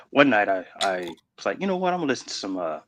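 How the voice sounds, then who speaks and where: A man co-hosting a casual podcast chat, an animated storyteller who laughs often. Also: lowish voice, brisk, a little hiss or hum. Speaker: podcast co-host.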